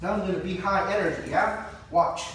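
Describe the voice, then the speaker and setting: A man demonstrating dog training and calmly explaining each step, with sudden high-pitched bursts of excited praise. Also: normal speed, slight background noise. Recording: echoey, distant camera mic.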